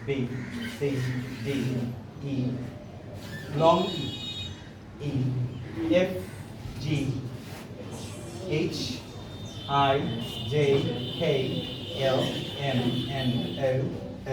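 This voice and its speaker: A man from Bangladesh teaching English pronunciation in a classroom, saying words slowly one at a time and repeating them. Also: mid-range voice. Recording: echoey classroom, distant mic, noisy.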